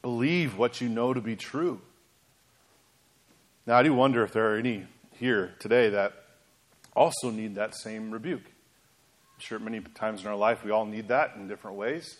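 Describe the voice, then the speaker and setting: A man preaching a sermon in an animated, emphatic way, asking rhetorical questions of his congregation. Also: on the low side, normal speed, pauses often. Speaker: pastor.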